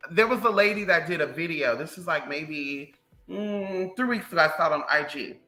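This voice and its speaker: A livestream host ranting casually to viewers in a sassy, profane, animated way. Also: medium pitch, moderate pace, faint music behind, poor audio. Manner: animated storytelling.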